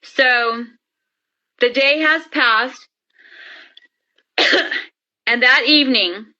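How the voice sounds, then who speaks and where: A woman interview guest telling her story in a lively way and acting out the dialogue. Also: high voice, very slow, lo-fi sound. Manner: lively, acts out quoted dialogue. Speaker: interview guest, paranormal experiencer. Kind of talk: animated storytelling.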